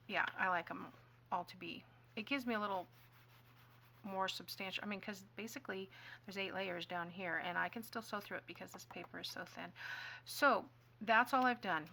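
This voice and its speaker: A chatty woman talks through a craft project with a bright, clear voice, joking at her own expense. She often drops to quiet muttering as she works. A faint hum of room noise sits behind her. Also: medium pitch. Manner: chatty, self-deprecating, mutters softly while working. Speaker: craft tutorial host. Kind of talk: casual crafting tutorial.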